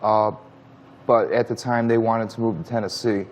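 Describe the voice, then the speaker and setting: A man in his thirties, a talk show guest answering questions in a halting, defensive way with many restarts. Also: fairly low pitch, fairly even intonation. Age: 30s. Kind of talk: studio interview answers.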